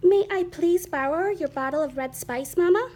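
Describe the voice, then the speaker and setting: A woman voicing an excitable boy kitten who thinks he is a chihuahua, in a bouncy, exclaiming, sing-song way. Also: high-pitched, normal speed, slight background noise. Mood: polite.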